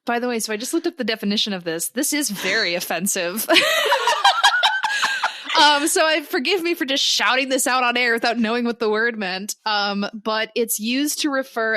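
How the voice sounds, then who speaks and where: A woman co-hosting a podcast, chatting casually and laughing often, with quick asides. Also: on the high side, sharp tone, dry recording. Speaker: podcast co-host. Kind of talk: casual chat.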